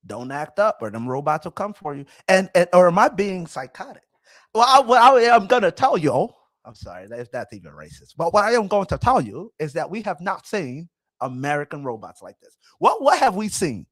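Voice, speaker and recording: A man in his thirties hosting a casual commentary vlog, talking in an excitable, rambling way with frequent restarts. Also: high voice, moderate pace, dry recording. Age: 30s. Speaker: host.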